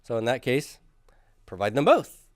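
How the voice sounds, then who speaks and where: A man's voice: mid-range voice, sing-song, normal speed, dry recording, studio quality. A man teaching a classroom grammar lecture, patiently drilling students through forms and asking them to repeat after him. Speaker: Greek teacher.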